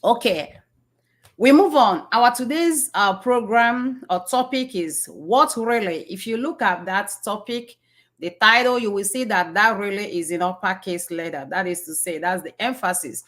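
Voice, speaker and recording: A woman's voice: medium pitch, normal speed, fairly bright tone. A woman giving an inspirational talk, repeating phrases for emphasis and asking rhetorical questions. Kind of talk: slow, preachy motivational talk.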